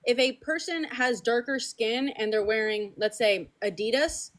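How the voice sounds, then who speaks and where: A woman's voice: a little high, measured pace, fairly bright tone. A woman from Spain with a Spanish accent, hosting a heated online debate and pressing the other side with repeated questions. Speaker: streamer debating callers.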